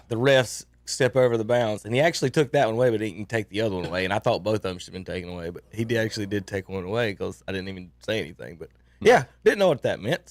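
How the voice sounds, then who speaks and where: A man's voice: on the low side, no room sound. A man co-hosting a sports talk show, telling rambling stories about umpiring with frequent laughs. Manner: rambling storyteller, laughs often. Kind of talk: casual radio banter.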